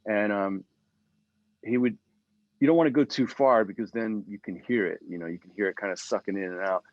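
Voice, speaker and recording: Low-voiced man telling studio stories. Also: a little fast, no echo, dull audio. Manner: relaxed storyteller, many fillers and restarts. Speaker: guitarist guest. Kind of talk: casual interview chat.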